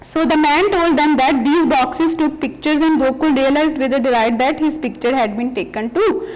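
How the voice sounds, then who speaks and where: A woman's voice: high-pitched, moderate pace, rough recording. A woman teacher reads a textbook story aloud and explains each sentence in simpler words. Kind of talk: reading and explaining a textbook chapter.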